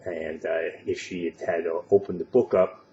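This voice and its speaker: A man giving casual spoken commentary for an online video, halting and full of filler sounds. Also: low-pitched, little pitch movement, warm tone, roomy sound, lo-fi sound.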